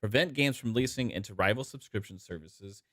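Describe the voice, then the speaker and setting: A man's voice: on the low side, fairly quick, no echo, studio quality. A man hosting a casual podcast, chatty and emphatic, leaning into his points. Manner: chatty, emphatic, animated asides. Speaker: podcast host.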